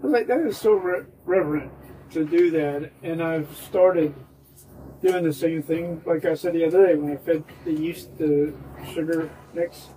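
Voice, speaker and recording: A man's voice: a little high, steady tone, unhurried, mellow. A man co-hosting a podcast, chatting casually and playfully while cooking at home. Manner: rambling, playful. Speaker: podcast co-host. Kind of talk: casual kitchen chat. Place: home kitchen. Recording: distant mic, faint room noise.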